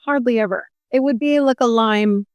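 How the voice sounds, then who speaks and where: Woman, middle-aged, podcast co-host, dry teasing, smooth voice, dry close sound. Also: a little high, normal speed, no room sound. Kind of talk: casual chat.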